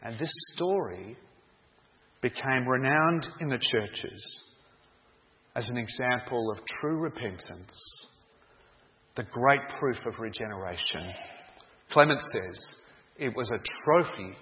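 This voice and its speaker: Guy preaching a sermon, really slow dramatic storytelling, dull echoey hall sound. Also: mid-range voice, expressive.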